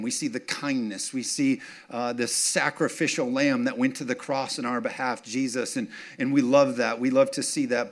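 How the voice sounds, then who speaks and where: A male pastor delivering a sermon in a mid-pitched voice. He talks straight to the congregation, checks that they are following, and builds to punchy, emphatic points. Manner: call-and-response, keeps checking in with the congregation; rises to emphatic, punchy declarations.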